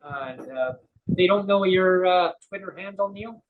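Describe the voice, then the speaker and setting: A man's voice: high-pitched, unhurried, narrow, tinny audio. A man hosting a show, chatting casually and jokingly, rambling with many fillers and restarts. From Canada. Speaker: podcast host. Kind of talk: casual chat.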